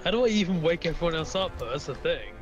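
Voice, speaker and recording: A man's voice: on the high side, expressive, fast, over music. A man playing in an online tabletop game, chatting casually and swearing often. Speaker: player.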